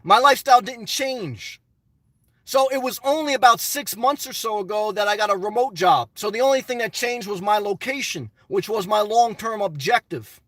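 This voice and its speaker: Man, middle-aged, high bright voice, dry close sound, blunt rambling chat. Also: moderate pace, dry recording, far from the mic. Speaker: channel host answering live chat. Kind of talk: casual live-stream chat.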